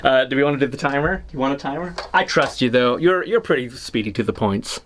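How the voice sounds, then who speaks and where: A man's voice: mid-range voice, fast talker, fairly bright tone, a little hiss or hum. A man co-hosting a casual livestream, chatty and greeting viewers by name, often restarting his sentences. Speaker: co-host.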